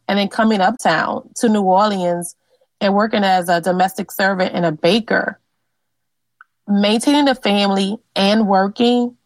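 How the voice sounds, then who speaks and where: A woman's voice: medium pitch, no echo. Woman, interview guest, earnest family storyteller, fillers, dry close sound. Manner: earnest, reflective, with frequent fillers.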